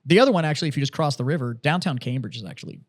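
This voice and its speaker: A man co-hosting a podcast, telling stories in casual, profane, animated chat. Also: mid-range voice, racing. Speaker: podcast co-host.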